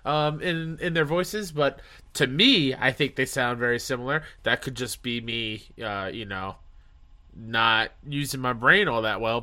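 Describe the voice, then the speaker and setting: A man's voice: medium pitch, bright, forceful tone. A man hosting a casual podcast, introducing and interviewing a guest in an upbeat, friendly, rambling way. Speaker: podcast host.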